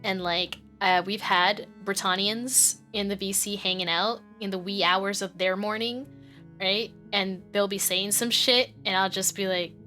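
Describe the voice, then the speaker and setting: A woman's voice: mid-range voice, steady tone, a little slow, sharp tone, faint music behind. A woman streamer chatting casually while playing, rambling, giggling often and swearing freely. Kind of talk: casual live-stream chat.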